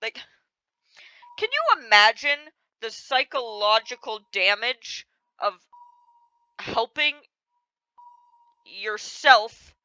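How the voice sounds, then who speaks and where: A woman's voice: a little high, lively intonation, takes it slowly, pauses often, sharp tone, smooth, lo-fi sound. A young woman playing a video game, commenting expressively and in exasperation, often breaking into laughter. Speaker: gamer. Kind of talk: let's play commentary.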